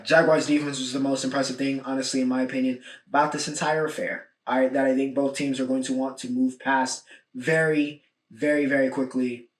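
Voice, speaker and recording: Casual man recapping football, echoey room. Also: medium pitch. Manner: casual, emphatic, repeats points with "all right?". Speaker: podcast host. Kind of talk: solo sports recap podcast. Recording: echoey room, mic at a distance.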